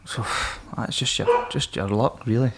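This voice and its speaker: A Scottish man at a middling pitch who talks candidly about hard times, swearing often and laughing things off. He tells his story in a relaxed, conversational way. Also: unhurried, very noisy. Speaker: podcast guest, former Royal Marine. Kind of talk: casual storytelling.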